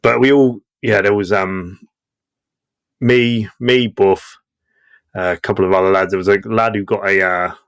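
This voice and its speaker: A man's voice: lowish voice, fairly even intonation, unhurried, smooth. A man in his thirties telling war stories casually, swearing and acting out voices, laughing often. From Britain. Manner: profane, acts out quoted voices, laughs often. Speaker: guest veteran.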